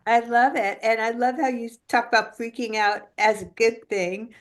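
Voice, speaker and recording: A woman's voice: on the high side, steady tone, moderate pace. Upbeat woman hosting an interview. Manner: upbeat, affirming. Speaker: podcast host. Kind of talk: conversational interview.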